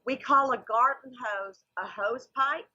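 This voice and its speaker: A woman's voice: high-pitched, a little slow, sharp tone, husky, dull audio. A woman in her forties with a Southern US accent, chatting animatedly on a comedy podcast. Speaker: comedian guest. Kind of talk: casual podcast chat.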